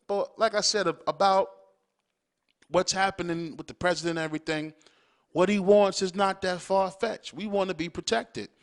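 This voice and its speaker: A man's voice: sits high, fairly even intonation, normal speed. A man hosting a podcast, ranting bluntly and profanely, hammering his points home with repeated check-ins to the listener. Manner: emphatic, hammering points with "all right?". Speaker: podcast host. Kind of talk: opinionated monologue.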